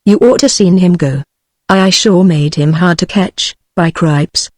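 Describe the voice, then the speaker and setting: A woman's voice: lowish voice, measured pace, darkish tone, dry recording, studio quality. Synthetic woman reading as a bragging cowboy kid. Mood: boastful. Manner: swaggering backcountry drawl. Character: boastful six-year-old cowboy boy. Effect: text-to-speech voice.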